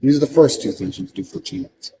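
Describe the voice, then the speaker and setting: A man's voice: fairly high pitch, wildly swooping pitch, very fast, creaky, warm tone, poor audio. A man giving a blunt, profane motivational monologue, hammering points home through repetition. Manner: repeats points for emphasis. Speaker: motivational speaker.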